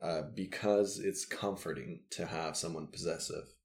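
A man with a very low voice talks loosely on a podcast, joking and swearing as he goes. He is in his thirties and was born in the Soviet Union. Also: fairly even intonation, unhurried, darkish tone. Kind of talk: casual chat.

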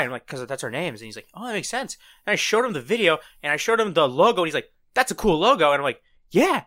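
Young male podcast co-host; quick, bright and animated, acts out quotes. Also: a little high. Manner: fast, animated storytelling with acted-out quotes. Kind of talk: casual chat.

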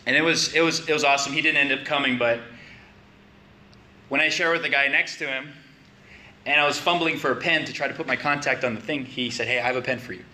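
Bright-voiced man preaching a sermon. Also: medium pitch, fairly even intonation, fast. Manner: conversational, rising to emphatic questions.

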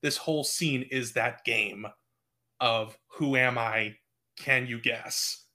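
A man's voice: mid-range voice, bright, forceful tone. A man co-hosting a casual movie-review podcast, talking through a scene with enthusiasm and laughing often. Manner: enthusiastic, quick to laugh, thinks aloud. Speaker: podcast co-host.

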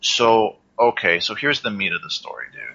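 A man's voice: lowish voice, normal speed, pushed and bright. A young man and podcast host telling a rambling, profane story in casual chat, often saying "dude". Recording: dull lo-fi recording.

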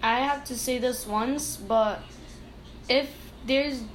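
A woman's voice: high-pitched, fairly even intonation, slow pace, a little hiss or hum. A young woman chiming in to a casual podcast discussion, blunt and brief.

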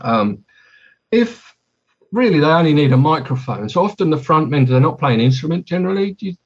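A man's voice: on the high side, sing-song, brisk, highs cut off. A man hosting a podcast in casual chat, rambling and correcting himself as he talks. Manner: rambling, self-correcting, chatty. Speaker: podcast host.

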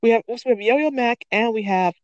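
A woman's voice: fairly high pitch, brisk, dry recording, lo-fi sound. A woman in casual chat recapping a TV episode, playful, quoting the characters and laughing often. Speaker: podcast co-host recapping a TV episode.

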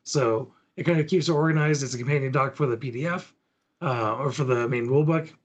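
In a husky, medium-pitched voice, a podcast co-host moves briskly through tabletop gaming material, laid-back as he explains each step for listeners.

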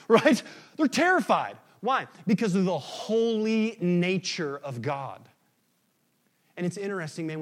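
A man preaching a sermon as pastor, swinging between loud emphatic bursts and quiet, hushed lines. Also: on the high side.

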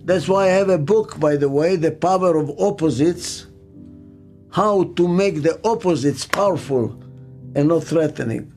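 Slow, emphatic older man speaking. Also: on the high side, a little mellow, faint music behind. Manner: slow, emphatic, repeats key phrases. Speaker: motivational speaker and author. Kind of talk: motivational talk.

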